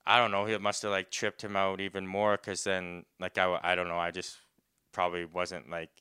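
A young man tells a rambling story in a low, bright, crisp voice, stuffing "like" into every pause. He often breaks off to laugh. The close mic gives a dry, roomless sound. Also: monotone, no room sound. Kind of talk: casual storytelling chat.

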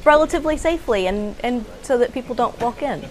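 Higher-voiced woman cohosting live, kinda sheepish and giggly, lots of noise behind her. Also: expressive, quick pace. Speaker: podcast co-host. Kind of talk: casual live podcast chat. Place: live event venue. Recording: noisy live event recording.

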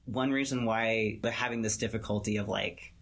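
A man's voice: on the low side, fairly even intonation, moderate pace, fairly bright tone. A man in casual conversation, talking earnestly in long, loose sentences full of "like" and "you know".

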